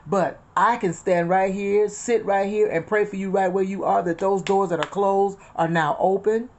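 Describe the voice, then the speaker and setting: A woman's voice: mid-range voice, steady tone, normal speed, darkish tone, slight background noise. A middle-aged woman hosting a casual spiritual talk, chatty and full of retold conversations and scripture. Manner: chatty, repeats phrases, quotes scripture and retells conversations. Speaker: inspirational channel host.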